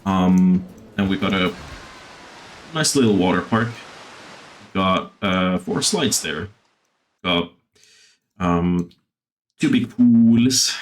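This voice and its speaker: A gaming streamer plays a theme-park building game and chats casually into a desktop mic, dropping lots of fillers and the occasional swear. His voice is low-pitched and slow, with long pauses.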